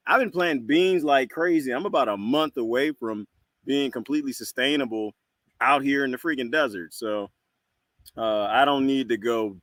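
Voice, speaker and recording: A man hosting a casual live-stream chat from his outdoor patio, greeting viewers by name, laughing loudly and ranting. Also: medium pitch, no room sound. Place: screened patio outdoors at sunset.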